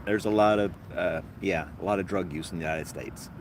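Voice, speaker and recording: This podcast host has a low voice and talks a little fast, with a slight hiss or hum in the audio. His chat is casual, rambling and wry, and he laughs at his own jokes.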